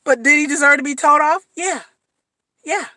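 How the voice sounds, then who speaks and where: Black woman ranting on a reality show vlog, high voice, dry close sound. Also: moderate pace, pushed and bright, no echo. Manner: blunt, emphatic, slangy, repeats phrases. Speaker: reality TV commentator. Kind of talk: casual commentary vlog.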